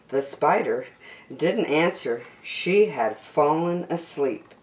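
A woman reading a picture book aloud to children in an animated, sing-song storytelling voice. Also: deep voice, takes it slowly, echoey room.

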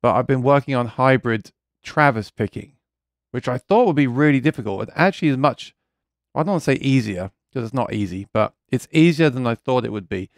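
A man's voice: medium pitch, lively intonation, a little fast, no room sound, clean studio sound. A man hosting a casual live chat about music gear, rambling and reading viewer comments aloud, earnest and keen about guitars. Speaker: livestream host.

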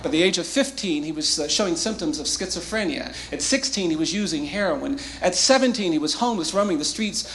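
A man with a gravelly, raised voice tells a story. He talks quickly and pauses for effect, quoting others in his own voice. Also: a little high, lively intonation, fairly bright tone, slight background noise. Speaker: speaker telling a story; lawyer. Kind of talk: storytelling talk.

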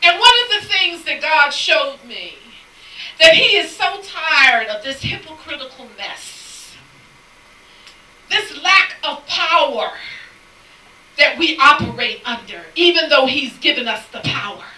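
A woman preaching a sermon, telling a lively story and acting out the people in it, sometimes shouting and laughing. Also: high-pitched, unhurried. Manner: animated storytelling, acts out quoted people; shouts and laughs between lines. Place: church sanctuary. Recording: echoey church sound from a distant mic.

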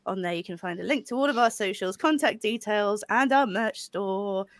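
A woman's voice: mid-range voice, moderate pace, dry recording. A woman co-hosting a podcast, dry and self-deprecating as she reads out the show's socials. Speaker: podcast co-host. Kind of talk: casual chat, reading out socials.

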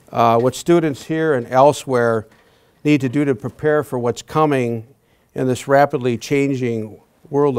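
Older man lecturing with halting fillers. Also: mid-range voice. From Wisconsin. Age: 60s. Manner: halting, with frequent uh fillers and restarts. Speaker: guest speaker. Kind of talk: prepared university lecture.

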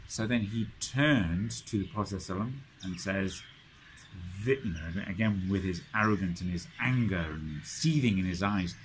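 Low-voiced man telling a story dramatically. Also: animated, normal speed, slight background noise. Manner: dramatic retelling, many restarts and "you know", "right?" checks. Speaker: study circle teacher. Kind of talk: lecture storytelling.

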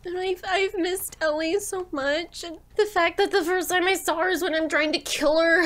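High-voiced tearful woman gaming. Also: fairly even intonation, normal speed, a bit bright. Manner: tearful, gushing, swears freely. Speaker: let's play streamer. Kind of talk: emotional gameplay commentary.

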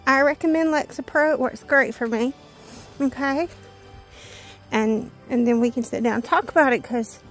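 Southern woman, high voice, animated joking rambles, casual chat, faint music behind. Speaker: paint pouring channel host. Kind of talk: casual chatty monologue.

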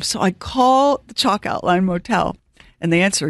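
A middle-aged woman co-hosting a radio show, telling a story in an animated, self-mocking way. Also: moderate pace, no echo, clean studio sound. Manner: animated, self-mocking storytelling with squeaky teary quoted outbursts. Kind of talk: storytelling chat.

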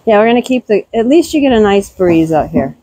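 A woman talking casually while doing farm chores outdoors around a barn, cooing at her animals in a high baby-talk voice. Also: very animated, brisk, mellow, slightly rough, dry recording, rough recording. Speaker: homesteader vlogger. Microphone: handheld camera.

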